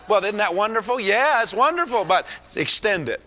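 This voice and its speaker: A man preaching a fervent sermon in a high, ringing voice with a sharp, forceful edge. He calls out praise between points and lifts into shouts for emphasis. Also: big pitch swings, moderate pace, hardly any pauses.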